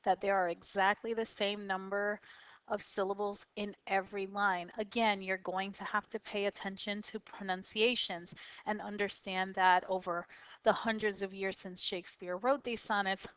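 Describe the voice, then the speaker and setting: A woman teaching a poetry lesson, explaining patiently and slowly with occasional fillers. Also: mid-range voice, flat delivery, fairly bright tone, clean tone, no echo, poor audio. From United States. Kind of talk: classroom lecture on poetry.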